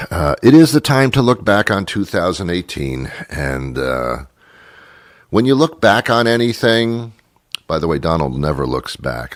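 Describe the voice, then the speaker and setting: Deep sarcastic talk show host, a man. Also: no echo, clean studio sound. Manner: sarcastic, rambling, laughs often. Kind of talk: casual monologue.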